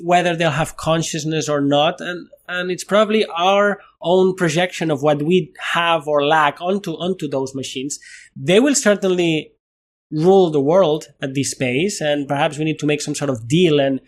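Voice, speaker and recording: A middle-aged neuroscientist from Spain, speaking with a Spanish accent, is a guest in a thoughtful interview. He's animated, often restarts sentences, and laughs at himself, with a voice on the high side.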